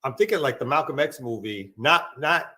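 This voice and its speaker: A man co-hosting a morning show, telling a story in relaxed casual chat. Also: mid-range voice, moderate pace. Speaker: co-host.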